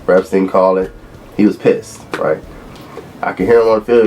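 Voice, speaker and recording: A man in his thirties from Los Angeles, a former college football player, relaxed as he tells stories in an interview. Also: lowish voice, moderate pace. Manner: relaxed storyteller who acts out quotes. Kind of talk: interview reminiscing.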